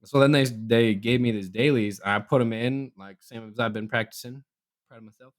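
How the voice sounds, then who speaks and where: A young man chatting on a podcast, spinning a story in a relaxed, everyday voice. He keeps leaping up in pitch to act out the people he quotes, then drops back down to his normal tone. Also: a little fast. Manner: animated, acts out quoted voices with jumps in pitch. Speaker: podcast co-host. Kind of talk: casual storytelling chat.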